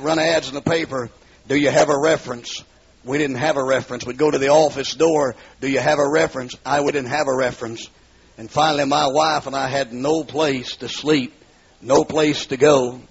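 A man preaching his life testimony in a storytelling manner, acting out the dialogue and rising into pleading cries, from the southern United States. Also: medium pitch. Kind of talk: testimony sermon. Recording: muffled, husky lo-fi recording.

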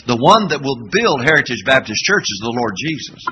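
An older man preaching a sermon as pastor, asking the congregation to call back answers and breaking into shouts. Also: medium pitch, moderate pace, a little hiss or hum, rough recording. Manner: animated preaching with call-and-response questions; sudden shouting bursts.

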